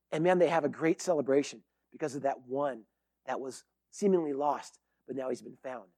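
A man's voice: mid-range voice, normal speed, warm tone, breathy edge, no echo. A male pastor preaching a sermon in a conversational, earnest way.

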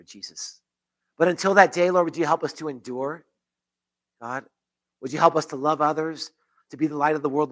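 A man's voice: a little high, a bit bright. A man pastor leading a closing prayer in church, earnest, with repeated phrases and restarts. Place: church sanctuary.

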